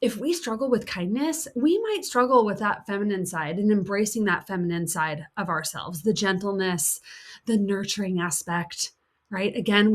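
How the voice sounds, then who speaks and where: Earnest woman coaching on self-kindness. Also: mid-range voice. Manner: earnest, repeats key points for emphasis; acts out the inner critic's voice. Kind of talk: motivational teaching talk.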